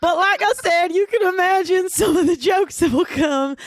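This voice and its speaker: A woman in her fifties from Kentucky, a comedian guest rambling through deadpan tall tales in an interview. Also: extremely high pitch, moderate pace, no echo, studio quality. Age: 50s. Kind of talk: deadpan comic interview banter.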